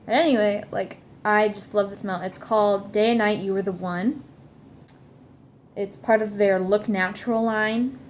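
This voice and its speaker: A young woman talks her way through a casual product review, rambling, restarting and leaning on "like" constantly. Her pitch sits in an ordinary middle range. A faint hiss of background noise sits under the home recording. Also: steady tone, measured pace. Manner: chatty, heavy use of "like", rambling. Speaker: vlogger.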